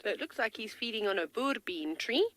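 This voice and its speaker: A woman's voice: medium pitch, expressive, brisk, a bit bright, low-quality recording. A woman safari field guide giving chatty, enthusiastic live commentary from a game-drive vehicle, with a tickle in her throat. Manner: chatty and enthusiastic, talks to kids.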